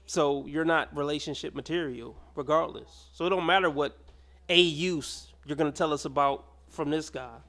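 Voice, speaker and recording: A man's voice: fairly high pitch, moderate pace, a bit bright. A man giving blunt, mocking commentary as he reacts to clips. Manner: blunt, mocking, swears freely.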